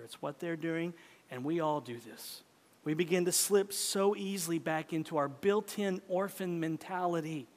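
Brief: male preacher, slow and deliberate, impassioned, long hall echo. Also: fairly high pitch. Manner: impassioned, swinging from loud to hushed. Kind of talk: sermon. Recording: echoey hall.

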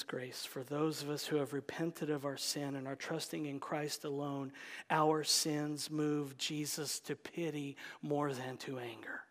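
A male pastor preaching a sermon, swinging between forceful emphasis and hushed whispers. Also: a little high. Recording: long reverb of a large hall.

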